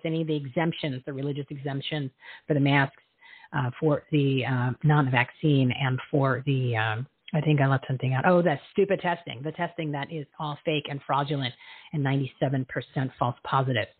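A woman's voice: deep voice, breathy edge, no room sound. Chatty woman host on a tinny line. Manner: chatty, opinionated, filler-heavy. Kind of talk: casual talk show monologue.

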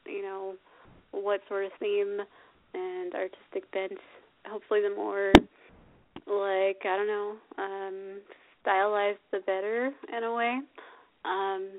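A woman's voice: medium pitch, little pitch movement, takes it slowly, long pauses. Young woman radio host, giggly and rambling, lots of ums, sounds like she's on the phone. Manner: giggly, chatty, hesitant with many ums. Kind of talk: casual call-in interview. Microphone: phone line. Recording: tinny phone line.

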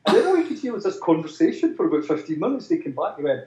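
A man's voice: high-pitched, big pitch swings, rapid-fire, a little mellow. A musician guest in a chatty interview, telling long anecdotes with many restarts and acting out the voices of people he quotes. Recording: roomy, distant, dull sound.

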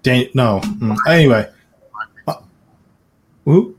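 A man co-hosting a casual podcast, joking and telling animated stories. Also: medium pitch, takes it slowly, faint music behind. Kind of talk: casual chat.

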